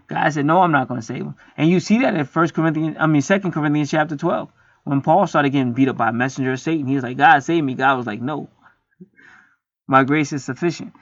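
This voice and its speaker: A man rambles through a profane, preachy monologue, swearing freely as he goes. His voice sits a little high. The recording is dry and dull, with a lo-fi edge. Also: fast, gravelly, no echo. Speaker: spiritual video host. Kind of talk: casual monologue to camera.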